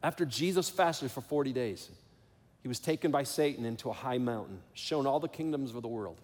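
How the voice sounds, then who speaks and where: A man's voice: mid-range voice, brisk, big-room sound. A middle-aged man preaching a sermon as pastor, telling a personal story earnestly and building to emphatic calls to action.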